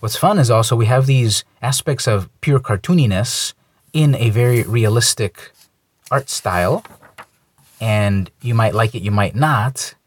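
Husky-voiced man casually reviewing comics. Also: medium pitch, unhurried. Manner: relaxed, conversational, lightly opinionated.

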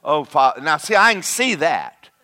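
Male preacher, brightish higher voice, conversational sermon delivery. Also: unhurried. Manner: lively, conversational, talks directly to the congregation.

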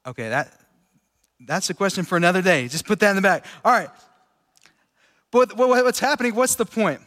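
High-voiced man preaching in an echoey hall. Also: brisk. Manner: relaxed, chatty, laughs easily. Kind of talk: casual conversational sermon. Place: large room with an audience. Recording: echoey hall with long reverb.

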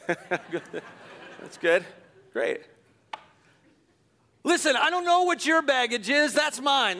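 A middle-aged man, a pastor, telling a self-deprecating story in a sermon, animated and chuckling as he goes. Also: very high-pitched. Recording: long hall reverb.

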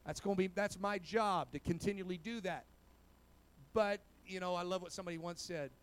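A man, a pastor, preaching a sermon. He peppers his talk with amen and praise God, and swings from quiet asides to loud exhortation. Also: high voice, a little fast, clear, resonant tone.

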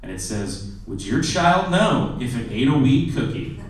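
A man in his twenties doing a stand-up comedy set, self-deprecating, dropping to a low mutter and then bursting into loud shouted bits. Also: very animated, unhurried, very echoey, recorded from a distance, noisy background. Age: 20s. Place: comedy club stage. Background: audience laughter.

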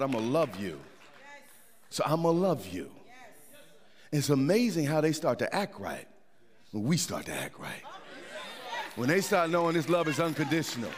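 Middle-aged preacher in a reverberant hall. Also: male voice, on the high side. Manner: conversational preaching with repeated words and restarts. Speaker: pastor. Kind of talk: sermon. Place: church sanctuary.

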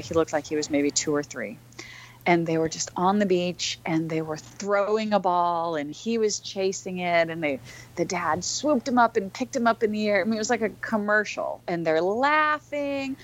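A woman's voice: lowish voice, a little hiss or hum. A woman who is a podcast guest, telling a personal story in an earnest, reflective way, with frequent fillers and restarts.

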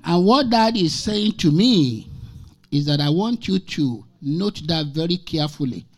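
A man's voice: a little high, lively intonation, unhurried, soft background music. A man in his sixties from Nigeria, preaching as a guest speaker and telling stories from his own life. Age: 60s. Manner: emphatic, repeats scripture lines, tells personal stories. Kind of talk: sermon.

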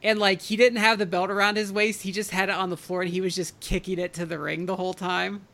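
A man's voice: high voice, level tone, quick pace, pushed and bright. A man in casual chat, rambling with lots of fillers.

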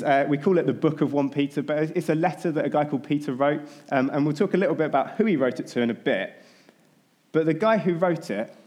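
A man, a pastor, giving a sermon, telling a story in a relaxed, conversational way. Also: fairly high pitch.

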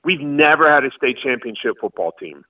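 An expressive man in his forties, a Florida high school football coach, sounds pushed and bright as he answers interview questions in a rambling way, restarting haltingly. The mic is distant and the highs are cut off.

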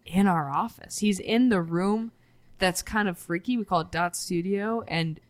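A woman's voice: fairly low pitch, normal speed, no room sound. Playful punny woman podcast co-host. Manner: playful, punny, laughs often. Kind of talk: casual cybersecurity podcast chat. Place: quiet padded studio. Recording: dry studio sound, faint music.

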